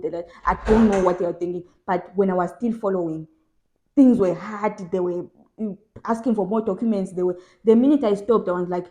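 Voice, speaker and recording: A woman's voice: medium pitch, a little fast, warm tone. A young woman from South Africa giving casual advice in a vlog, emphatic and repeating phrases for stress. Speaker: vlogger.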